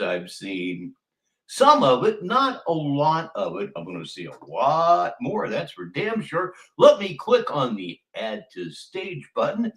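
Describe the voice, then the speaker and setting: A man's voice: on the high side, huge pitch swings, slow, fairly bright tone. A man in his sixties from Ohio hosting a livestream, chatting in a wry, sardonic way as he introduces clips. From Ohio, USA. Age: 60s. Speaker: commentary stream host. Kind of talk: casual livestream commentary. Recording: roomy echo.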